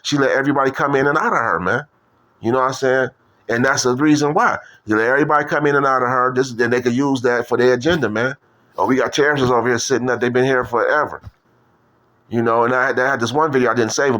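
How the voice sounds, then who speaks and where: A man rambles on in a loose, profane monologue. He leans on street slang, repeats himself and keeps circling back. His voice sits at an ordinary middle pitch for a man. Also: fairly even intonation, fast, fairly bright tone. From Detroit. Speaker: video commentator.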